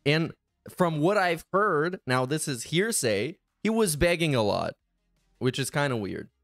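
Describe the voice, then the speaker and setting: A man's voice: on the high side, sing-song, measured pace, creaky, no echo, clean studio sound, soft background music. A man hosting a casual reaction commentary, sarcastic, profane and exasperated. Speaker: commentary channel host.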